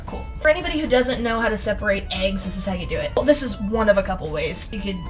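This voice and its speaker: A young woman vlogging casually from her home kitchen as she bakes. She chats, swears freely and breaks into loud exclamations. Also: mid-range voice, expressive, fast. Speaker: baking vlogger. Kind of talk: casual baking vlog. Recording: distant mic, background music.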